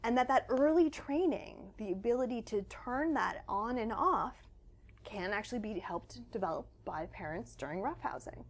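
A woman author being interviewed at her home, explaining research with lively asides. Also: fairly high pitch, moderate pace. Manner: animated, acts out quoted children's voices. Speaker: author and guest. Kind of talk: conversational interview.

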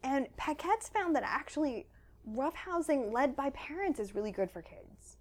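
Woman guest, author, slightly high voice, animated explainer. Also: normal speed. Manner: animated, acts out quoted children's voices. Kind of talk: conversational interview. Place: home.

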